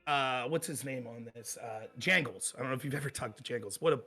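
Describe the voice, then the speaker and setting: A man's voice: mid-range voice, fast talker. A man guesting on a podcast, telling debate stories in casual talk and mimicking his opponents. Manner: animated, mimics opponents in quoted voices.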